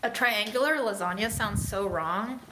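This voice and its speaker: A woman hosting a casual livestream, reading and answering viewer comments in a relaxed, musing way with many "um"s and some half-whispered asides. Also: mid-range voice, moderate pace. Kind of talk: casual chat. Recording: echoey room with faint ambient noise.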